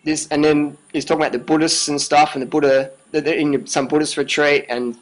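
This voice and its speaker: A man's voice: a little high, flat delivery, a little fast, poor audio. A man giving an emphatic, passionate monologue as a vlogger, repeating himself, swearing freely and often asking "you know what I mean".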